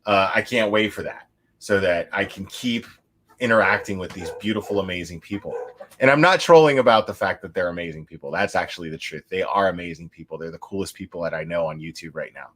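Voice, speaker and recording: A man's voice: low voice, fast talker, fairly bright tone. A man hosting a livestream, chatting casually and a little tipsy, rambling with lots of restarts, laughs and swearing. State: tipsy from drinking. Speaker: livestream host.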